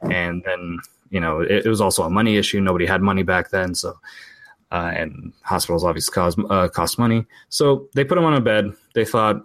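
A man's voice: low voice, fairly quick, a bit bright, dry recording. A man in his forties from Portugal, telling a family ghost story in a casual, rambling way, with restarts and quoted voices.

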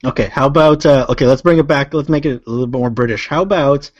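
A man's voice: medium pitch, fast, no echo. A man hosting a casual podcast chat, teasing and giggling as he prompts a guest. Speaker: podcast host. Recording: dry dull lo-fi sound.

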